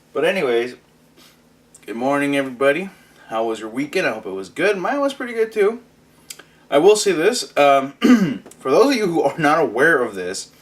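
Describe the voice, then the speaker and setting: A man's voice: mid-range voice, a bit bright. Joking Mexican-born man hosting a vlog. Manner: joking, laughs through his lines. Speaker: vlog host. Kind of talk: casual vlog monologue.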